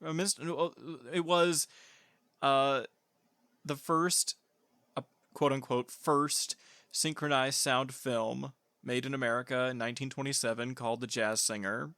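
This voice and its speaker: A man co-hosting a casual podcast, his voice bright and forward. He chats loosely, laughing often and trailing off into fillers. The sound is dry and close to the mic. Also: medium pitch, fairly even intonation, unhurried, no echo. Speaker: podcast co-host. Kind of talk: casual chat.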